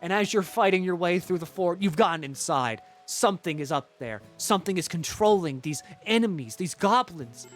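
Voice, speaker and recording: A young man streaming a game, retelling its story with animated, sarcastic and profane commentary. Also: high voice, normal speed, hardly any pauses, faint music behind. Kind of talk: casual gameplay commentary.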